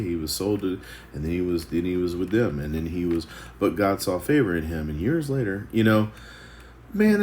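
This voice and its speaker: A man giving a casual devotional reflection on the Bible, rambling and self-deprecating, chuckling as he talks. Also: sits low. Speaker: vlogger.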